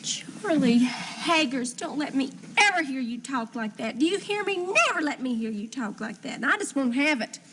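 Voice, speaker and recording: An actress playing a sweet, doting young wife and would-be singer in a 1970s TV soap. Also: female voice, sits high, expressive, normal speed, hardly any pauses, background noise. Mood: soothing.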